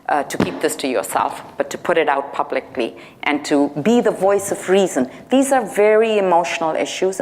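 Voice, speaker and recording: A woman from India, a senator and guest lecturer, answering an audience question in a measured, composed way. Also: deep voice, slight background noise. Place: lecture hall.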